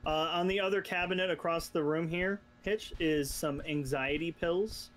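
A man's voice: fairly high pitch, steady tone, normal speed, fairly bright tone, a little hiss or hum. A man chatting and teasing his friends while playing a multiplayer game. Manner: chatty, teasing, laughs often. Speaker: guest gamer. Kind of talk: casual gaming chat.

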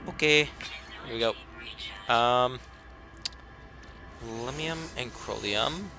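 Man, gaming commentary, excitable outbursts, slow delivery, music behind. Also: mid-range voice, gravelly. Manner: excitable, exclaims and complains with sudden outbursts; self-talk, mutters and trails off while managing inventory. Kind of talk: casual let's play commentary. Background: game music.

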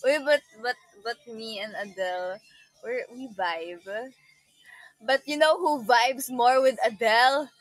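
A woman's voice: on the high side, slow, dry recording, rough recording. A woman in her twenties with a Filipino accent, chatting casually on a livestream, giggly and bubbly as she answers comments. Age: 20s. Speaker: livestream host.

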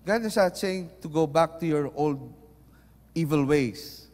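A man preaching a sermon, mixing Tagalog into English and moving between loud and soft. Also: a little high, very animated, measured pace. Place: church. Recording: long reverb of a large hall.

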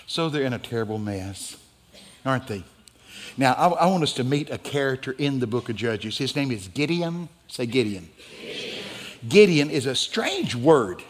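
A man preaching a guest sermon in a church, dramatic and emphatic, building to loud peaks. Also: mid-range voice, expressive, moderate pace. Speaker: guest pastor. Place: church sanctuary. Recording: church hall with long reverb.

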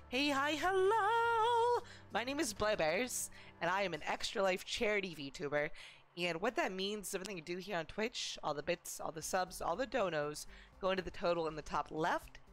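A woman's voice: lowish voice, animated, fairly quick, a bit bright, faint music behind. A woman streaming a game for charity, chatting casually in a bubbly way and saying "like" often. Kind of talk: casual live-stream chat over gameplay.

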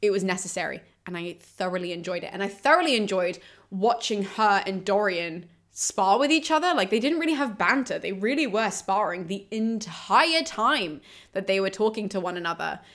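A young woman talking through a book series in a loose, chatty way, her pitch sitting in an ordinary middle range. She is upbeat and opinionated, and she often drifts into side comments. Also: expressive, normal speed, fairly bright tone. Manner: enthusiastic, chatty, many asides. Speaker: book reviewer. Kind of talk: casual chat.

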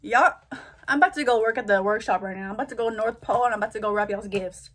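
A woman's voice: medium pitch, very fast, a bit bright. A young woman vlogging in a chatty, playful way, calling her viewers girl. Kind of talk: casual vlog chat.

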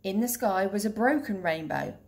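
A woman teacher reading a children's picture book aloud in a clear, steady, gentle voice. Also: mid-range voice, moderate pace.

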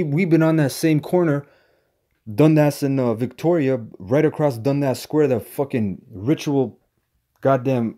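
A man with a medium-pitched, dark-toned voice preaches to the camera as a street preacher. His profane, combative rant stumbles into halting repetitions and stammered restarts, and he caps phrases with "man".

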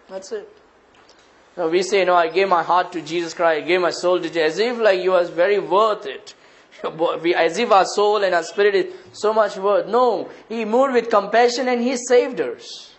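Speaking at normal speed in a voice that sits high, a pastor with an Indian English accent preaches, asking his congregation rhetorical questions and repeating phrases. The recording quality is low.

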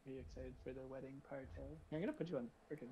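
A man's voice: medium pitch, racing, warm tone, a little hiss or hum, rough recording. A man chatting and laughing often with friends while fumbling through game menus. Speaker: gamer in a party chat. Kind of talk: casual chat.

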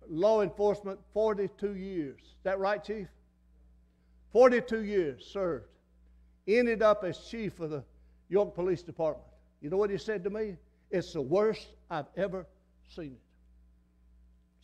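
An older man, a pastor, preaches a sermon in a church sanctuary with a fiery, folksy delivery, repeating phrases for emphasis. His voice sits high and is a little mellow.

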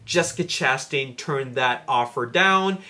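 A man's voice: mid-range voice, unhurried, sharp tone. A man hosting his own movie news vlog, talking casually with many fillers, restarts and repeated words. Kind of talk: casual video commentary.

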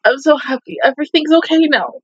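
A woman's voice: high-pitched, animated, quick pace, highs cut off, a little hiss or hum. A young woman reviewing an anime in an emotional, casual reaction, swearing often and breaking into laughs while holding back tears. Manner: emotional, swears a lot, laughs between words. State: tearful at times.

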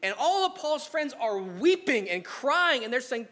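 A man preaching a sermon in a church, telling stories in a casual, animated way with frequent restarts. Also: very high voice, moderate pace, few pauses. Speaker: pastor.

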